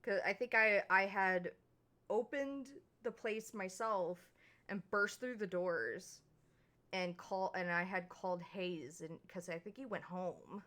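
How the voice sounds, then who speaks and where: A woman streamer reads a story game aloud in a bright, clear voice. She is casual and chatty, tripping over words and fixing them as she goes. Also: medium pitch, slow pace. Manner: casual, stumbling over words and laughing at slips. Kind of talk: reading a visual novel aloud.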